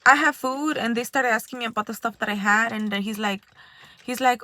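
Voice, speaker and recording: A woman with a high, bright voice tells a casual, rambling story about her day. She talks with lots of fillers and frequent laughter. The sound is dry and close, with no room echo. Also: quick pace. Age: adult. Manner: rambling and animated, often laughing. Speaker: spiritual vlogger.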